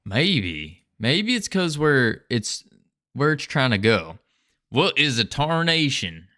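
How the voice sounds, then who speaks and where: A man's voice: medium pitch, very animated, takes it slowly, bright, forceful tone. A man on a casual livestream, rambling and thinking aloud with small restarts while he works on code. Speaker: game developer streaming.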